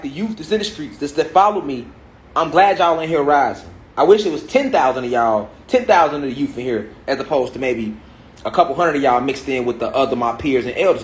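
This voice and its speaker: A man in his thirties with a somewhat high voice and an African American Vernacular English accent preaches to a gathered audience. His delivery is emphatic and full of rhetorical questions and repeated phrases. The recording is echoey, with a faint hiss underneath. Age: 30s. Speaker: speaker addressing a gathered audience. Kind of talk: spiritual lecture. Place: large room with an audience.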